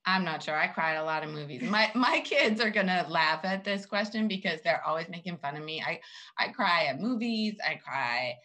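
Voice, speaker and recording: Bright-voiced laughing woman co-host. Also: lowish voice, expressive, moderate pace. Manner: warm-hearted, laughs easily, emotional. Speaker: podcast co-host. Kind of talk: casual chat.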